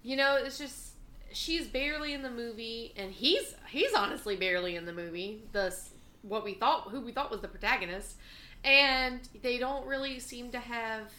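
A woman's voice: a little high, moderate pace, bright, forceful tone. A woman chatting casually about a movie, emphatic and incredulous. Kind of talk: casual movie review chat. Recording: echoey room.

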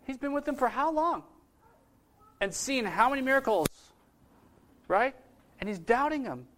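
Guy preaching a sermon, high voice, chatty, asks the crowd stuff. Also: expressive, moderate pace, a bit bright, a little hiss or hum. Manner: conversational, asks the audience questions.

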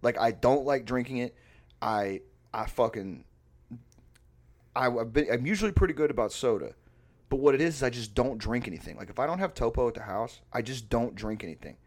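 A man chatting on a casual podcast, his pitch middling and his delivery lively and uneven. He swears freely and gets loud and animated when he acts out the people in his story. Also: a little fast. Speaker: podcast co-host. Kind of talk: casual chat.

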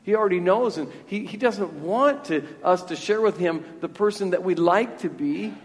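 A man's voice: high-pitched, moderate pace. A man preaching a sermon from a church, earnest and talking freely, often repeating words as he restarts a thought. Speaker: pastor. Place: church sanctuary. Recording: long church reverb.

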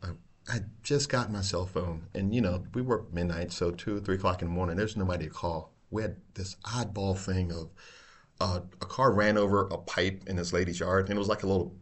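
Low-voiced man telling cop stories. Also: brisk. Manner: animated storyteller, swears freely, laughs a lot. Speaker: podcast host, retired police officer. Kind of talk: casual storytelling chat.

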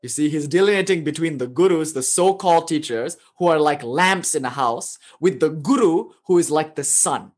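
A spiritual teacher gives an informal, conversational lecture, often slipping in "you know" and small chuckles. His voice is a little high, moving at a moderate pace with hardly any pauses.

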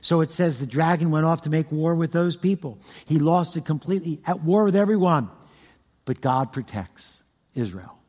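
Husky-voiced preacher in a reverberant hall. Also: male voice, fairly high pitch, moderate pace. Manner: animated storytelling with sound effects. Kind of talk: sermon.

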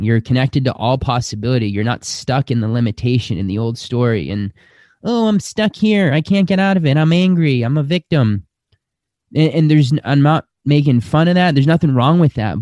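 A man with a mellow, relaxed voice of middle pitch speaks as a spiritual teacher. His talk is earnest and reflective, and he slows down on the words he stresses. The sound is dry and close, with no room around it. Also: no echo. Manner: slow, earnest, drawn-out emphasis.

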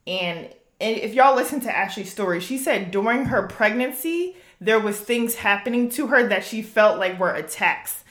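A woman's voice: medium pitch, animated, moderate pace, hardly any pauses, a bit bright, roomy sound. A woman hosting a faith podcast conversation, casual, emphatic and encouraging. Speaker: podcast host.

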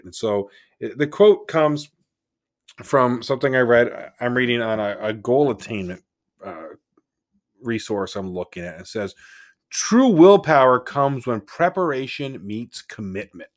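Chatty man hosting a solo podcast. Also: mid-range voice. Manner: conversational, keeps asking "right?"; rambling with restarts. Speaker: podcast host.

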